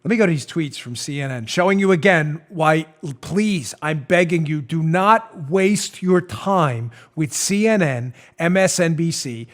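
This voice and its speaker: Male commentary host with a slightly high voice. Sarcastic and mocking, on a studio mic. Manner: sarcastic, mocking, laughs at his own jabs. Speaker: political talk show host. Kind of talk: opinionated commentary.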